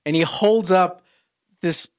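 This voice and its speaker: A man in casual podcast chat, telling a story with lively acted-out quotes. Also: high-pitched, slow pace. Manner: animated storyteller, acts out quotes with big voices.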